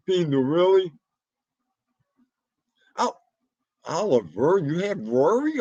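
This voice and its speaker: On a casual livestream, a New York-accented podcast host reads chat, cracks jokes and greets viewers by name. His medium-pitched voice swings widely in pitch, moving slowly with frequent pauses. There is no room sound, but the audio is lo-fi.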